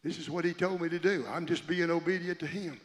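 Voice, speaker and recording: A male pastor preaching a sermon to a congregation, swinging from loud preaching to a hushed near-whisper and calling on the people to respond. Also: on the high side, steady tone, fairly quick. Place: church. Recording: long reverb of a church hall.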